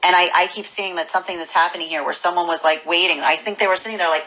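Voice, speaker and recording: A woman giving a casual spoken tarot reading, animated and full of restarts and repeated words. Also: lowish voice, racing, hardly any pauses, low-quality recording. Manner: acts out imagined people's voices. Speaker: tarot reader.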